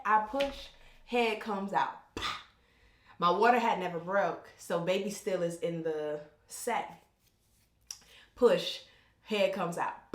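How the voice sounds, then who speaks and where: Rambling, candid woman, roomy echo. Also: on the low side. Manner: rambling, self-interrupting, candid. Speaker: vlogger telling her birth story. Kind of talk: casual storytelling.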